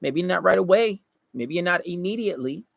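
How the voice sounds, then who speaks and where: A man with a fairly high voice gives a blunt, swearing-heavy dating-advice monologue to his male listeners. The sound is dry and close, with no room echo. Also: expressive, fairly quick, vocal fry.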